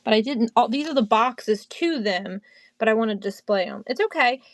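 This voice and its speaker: A woman hosting a casual live-selling stream, chatty and quick to laugh while she talks about items. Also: a little high, animated, no room sound. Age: adult, mother of a teen. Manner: giggly, chatty, laughs often.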